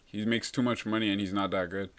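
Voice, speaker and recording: A young man hosting a relaxed live stream, reading viewer comments and calling everyone bro. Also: on the low side, quick pace, a little hiss or hum. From Canada. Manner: laid-back, calls everyone bro.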